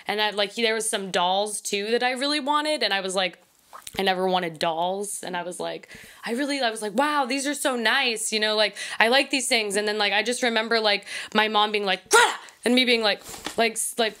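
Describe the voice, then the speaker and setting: A woman's voice: mid-range voice, brisk, pushed and bright, clean tone. A woman co-host telling a ghost story in a casual chat over a video call, with lots of fillers, acting out the voices in her story. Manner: chatty, many fillers, acts out voices in the story. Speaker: podcast co-host.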